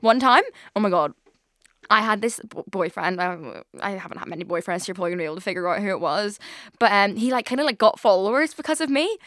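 A young woman talks through a casual podcast chat at a middling pitch. She rambles and makes fun of herself, with frequent laughs. The sound is dry and close, with no room around her. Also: fairly quick, fairly bright tone, no echo. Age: young adult. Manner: chatty, rambling, self-deprecating, laughs often. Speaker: podcast host.

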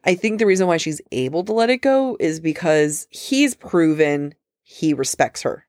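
A woman co-hosting a book podcast in casual chat, talking with quick asides and frequent laughter. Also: low-pitched, lively intonation, a little mellow, dry recording, clean studio sound.

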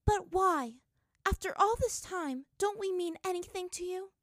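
A sharp-tongued, cold teenage princess, as a woman reads her lines. She cuts in flatly and snaps at others, pitched well above the narration and loud. The sound is dry and close. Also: measured pace, no echo. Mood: hurt. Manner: flat, cutting.

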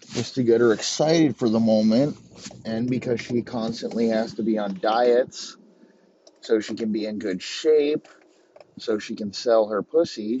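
A man's voice: fairly low pitch, darkish tone, highs cut off, slight background noise. A man telling a crude improvised comedy story, rambling, swearing often and restarting sentences. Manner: rambling, profane, halting restarts.

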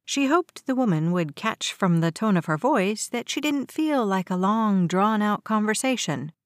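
Speaking at normal speed in a mid-range voice, a woman reads an audiobook with calm, even storytelling. The recording is studio quality, free of any room sound.

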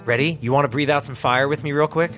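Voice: mid-range voice, fairly even intonation, fast, a bit bright, faint music behind. A player in a tabletop game, talking in character with a hyped, playful cheerleading manner.

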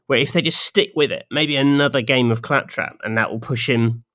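Musing bright-voiced man in chat. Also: mid-range voice. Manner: musing, halting, restarts a lot. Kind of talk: casual chat about games.

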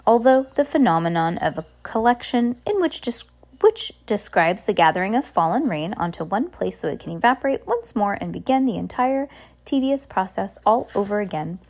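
Young mom reading a storybook aloud, informal, trips over words and adds asides. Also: female voice, medium pitch, very animated, normal speed, a little mellow. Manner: informal, with restarts and chatty asides. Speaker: parent reading aloud to her child. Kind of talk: casual storybook read-aloud.

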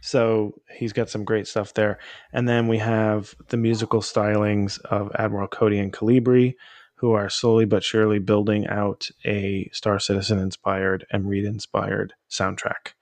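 A man hosting a casual podcast, relaxed and chuckly, with lots of fillers. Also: fairly low pitch, normal speed, no echo. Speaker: podcast host.

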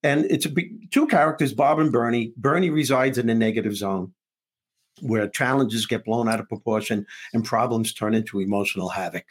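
A man with a slightly rough, husky voice, talking as a guest in an interview. He tells a story with comic timing and jumps in and out of the voices of the people in it, laughing along the way. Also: mid-range voice, brisk. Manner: acts out dialogue between characters, laughing often. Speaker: guest author and comedian.

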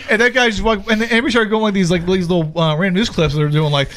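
A man's voice: high voice, steady tone, racing, fairly bright tone. A man chatting casually with friends, rambling and swearing, acting out little quotes. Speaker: podcast co-host. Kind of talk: casual crude banter.

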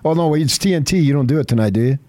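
A male radio host in casual sports chat, talkative and quick to laugh, with rambling restarts. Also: fairly high pitch, lively intonation, dark tone. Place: radio studio.

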